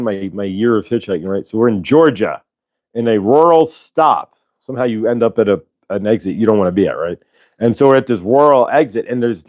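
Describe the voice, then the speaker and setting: A man's voice: mid-range voice, darkish tone. A man hosting a casual livestream, rambling and tagging on "right?" as he talks. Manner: rambling, keeps adding "right?". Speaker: livestream host.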